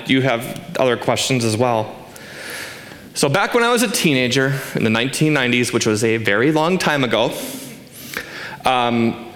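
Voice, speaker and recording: A man's voice: medium pitch, fairly bright tone, echoey room. A man in his forties giving a sermon as pastor, earnest and emphatic, asking rhetorical questions. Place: church sanctuary.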